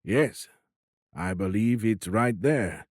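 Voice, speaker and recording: A narrator voicing a formal, courteous alien admiral who speaks in a stiff, deliberate and measured way. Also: male voice, on the low side, expressive, no echo, studio quality.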